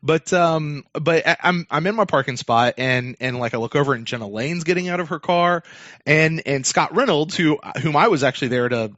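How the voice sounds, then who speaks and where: A man's voice: on the high side, moderate pace, a bit bright, no echo. A man hosting a sports podcast, telling a long story in a rambling casual way, full of fillers and restarts. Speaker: podcast host. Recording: dull lo-fi dry sound.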